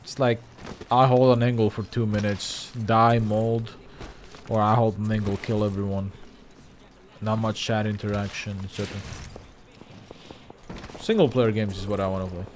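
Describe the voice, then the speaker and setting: A man's voice: fairly low pitch, level tone, normal speed, pauses often. Man, streamer, casual gaming chat, swears often, easygoing, faint background noise. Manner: laid-back, swears casually, laughs often.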